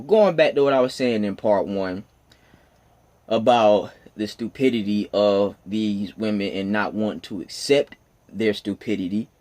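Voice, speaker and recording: A man in his twenties giving a solo morning rant, rambling and stammering, with crude language, jumping from loud, emphatic bursts to low mutters. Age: 20s. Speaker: podcast host.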